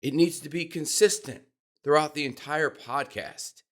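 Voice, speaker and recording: A man giving podcast speaking tips to camera, expressive and demonstrating changes in pitch and pace as he explains. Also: a little slow. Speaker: podcast coach. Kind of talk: instructional talk to camera.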